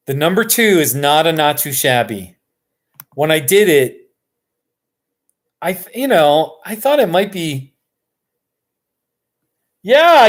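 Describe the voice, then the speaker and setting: Brief: American male streamer, slightly high voice, relaxed slow chat, easily excited. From Colorado, USA. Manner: chatty and excitable, chuckling often. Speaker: YouTuber hosting a live stream. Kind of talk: casual live-stream chat.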